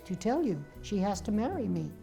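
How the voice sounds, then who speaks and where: An older woman voicing a menacing, brutish man who speaks in broken English, low and hushed. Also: very animated, a little fast, creaky, faint music behind.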